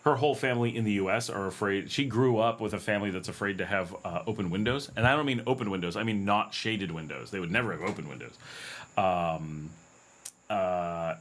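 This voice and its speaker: A middle-aged man from the United States hosts a casual livestream Q&A in a lowish, somewhat bright voice. He's chatty and anecdotal, laughing often and acting out the voices of people he quotes.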